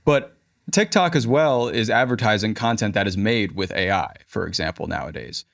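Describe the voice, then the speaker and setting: A man's voice: lowish voice, lively intonation, normal speed, creaky, fairly bright tone. A man hosting a business podcast, asking questions and closing the show in a friendly, upbeat way. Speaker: podcast host. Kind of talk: interview and show outro.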